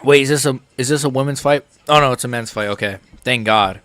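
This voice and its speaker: A man's voice: medium pitch, fast talker, a bit bright, no room sound. Rambling young American guy, fight stream. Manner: rambling, casual, jokey. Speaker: live stream host. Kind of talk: live fight reaction commentary.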